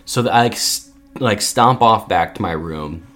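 Podcast co-host, low male voice, lively storyteller who acts out quotes, soft music under. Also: a little slow. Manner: animated storyteller acting out quotes, many fillers. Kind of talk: casual storytelling.

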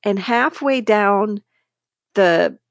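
Woman, podcast co-host, candid animated storyteller, close dry mic. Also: medium pitch, drawn-out words, vocal fry, no echo. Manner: animated, candid, laughs between sentences. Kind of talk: casual storytelling chat.

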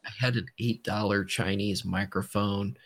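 A man's voice: on the low side, fairly even intonation, moderate pace. A man podcast host in casual chat, laid-back and rambling, swearing casually.

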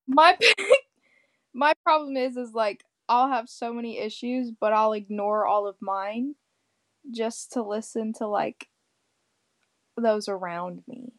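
A woman co-hosting a podcast in casual chat, adding brief supportive remarks and quick laughs. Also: on the high side, fairly bright tone. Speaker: podcast co-host.

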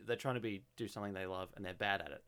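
A man's voice: on the low side, fairly even intonation, rapid-fire, fairly bright tone, clear, resonant tone, no room sound. A man on a podcast making wry, joking asides about a movie. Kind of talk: casual movie-watch chat.

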